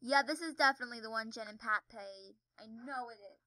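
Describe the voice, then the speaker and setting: A woman's voice: a little high, fairly quick, sharp tone, no echo, rough recording. A young woman giving chatty, giggly commentary while playing a video game, yelping when she falls. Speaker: gaming video creator. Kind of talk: casual gameplay commentary. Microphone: desk mic with audible keyboard.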